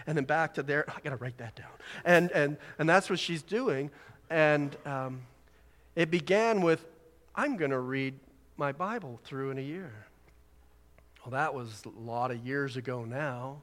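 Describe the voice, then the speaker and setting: Conversational preacher in a reverberant hall. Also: male voice, a little high, unhurried, a bit bright. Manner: conversational, rising to emphatic exhortation. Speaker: pastor. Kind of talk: sermon.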